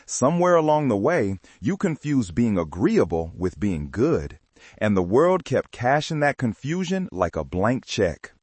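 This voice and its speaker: A man's voice: medium pitch, very animated, measured pace, darkish tone, slightly rough, dry recording. A man giving a scripted motivational narration with dramatic, emphatic delivery.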